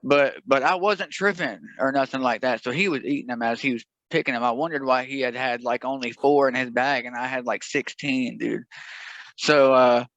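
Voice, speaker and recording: A man's voice: medium pitch, moderate pace, a bit bright, dry recording, muffled recording. A young man telling a rambling, profane, jokey story in a casual podcast chat.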